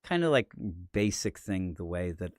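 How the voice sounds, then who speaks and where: An American man chats on a live stream, telling stories with a lot of energy. His pitch swings widely from line to line. The sound is dry and close. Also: moderate pace, no echo. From United States. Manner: animated storyteller, breaks into high put-on voices. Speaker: podcast co-host. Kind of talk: casual live-stream chat.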